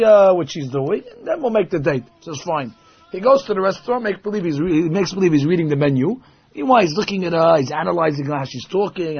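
A Torah teacher with a somewhat high, breathy-edged voice gives a lesson as a sermon with storytelling, acting out the voices he quotes with big jumps in tone. The recording is dull and lo-fi.

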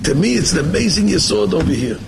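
A high-voiced man with a gravelly edge teaches a Torah sermon. He fires rhetorical questions and rattles off quotes at speed. There is a faint hiss under the voice. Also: lively intonation, fast. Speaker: rabbi giving a Torah class. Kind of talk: Torah sermon mixing English and Hebrew.

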